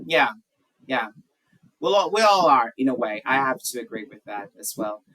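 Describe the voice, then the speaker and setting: A man teaching an English class has a medium-pitched, very animated, sharp-toned voice at normal speed, heard through poor audio. In a conversational class discussion, he asks his students questions and talks frankly about his own views.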